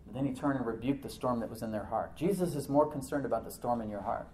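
A pastor preaching in a roomy, echoing church, picked up from some distance off the mic. He is animated, firing rhetorical questions at the congregation and dropping into soft asides. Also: medium pitch, fast talker, a little hiss or hum. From United States. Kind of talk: sermon.

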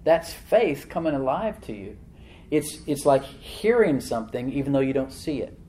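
A man's voice: medium pitch, big pitch swings, normal speed, poor audio. Folksy preacher man with a dynamic delivery. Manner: folksy storytelling, repeats key phrases for emphasis; swings from quiet asides to loud emphatic lines. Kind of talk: sermon with a personal story.

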